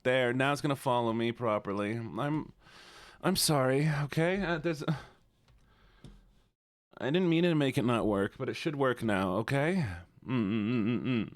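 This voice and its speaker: A man's voice: medium pitch, unhurried. A young adult man streaming live, rambling in a self-deprecating way to his chat.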